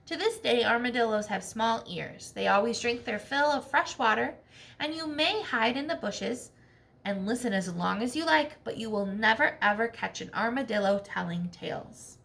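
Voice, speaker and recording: Bright, gravelly-voiced teacher reading aloud. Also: female voice, on the high side, normal speed. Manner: expressive, asks children questions. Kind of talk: reading a storybook aloud to children.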